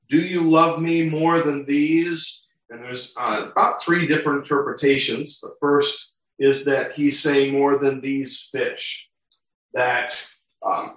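A man's voice: mid-range voice, a bit bright. A male pastor delivering a sermon, reading scripture aloud and explaining it verse by verse. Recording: very echoey room, mic far off.

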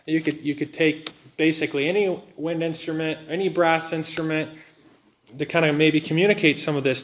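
Earnest, fairly high-voiced male preacher. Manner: earnest, slows down to stress key words. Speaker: pastor. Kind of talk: sermon.

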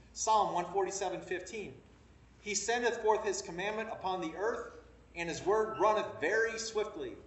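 A high-pitched man delivers a sermon, reading verses and pressing his points with rising emphasis. He is recorded from a distance, and the room around him echoes. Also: a bit bright. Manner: preaching with rising emphasis, reading scripture aloud. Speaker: preacher. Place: room with a congregation.

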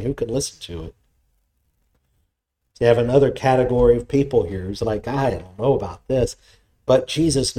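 A man's voice: medium pitch, dark tone. A middle-aged male pastor preaching a sermon, reading scripture aloud and explaining it with conversational asides.

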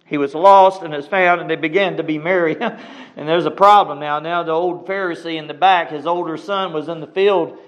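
A man preaching a sermon, reading scripture aloud and commenting on it, with dramatic swings between loud exclamations and hushed asides. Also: a little high, fairly even intonation, a little fast, low-quality recording.

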